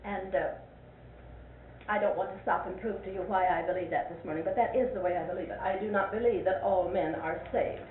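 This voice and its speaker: A woman's voice: on the low side, a little fast, far from the mic. An older woman leading a Sunday school Bible class in a folksy, questioning way, often repeating points for emphasis. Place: church classroom. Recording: echoey, tinny lo-fi recording with faint hiss.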